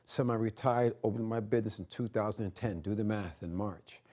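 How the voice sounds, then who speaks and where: A middle-aged man hosting a TV show as a karate instructor, energetic and preachy, repeating his points and shouting martial arts cries. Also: fairly low pitch, fairly quick. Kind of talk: martial arts lesson with motivational talk. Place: TV studio.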